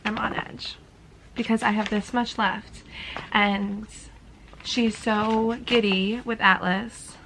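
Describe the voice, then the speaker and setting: A woman's voice: medium pitch, little pitch movement, slow pace, noisy background. A young woman in a casual reading vlog, reacting emotionally as she goes and using "like" often, recorded in a room at home. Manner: emotional running reactions full of "like". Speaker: book vlogger.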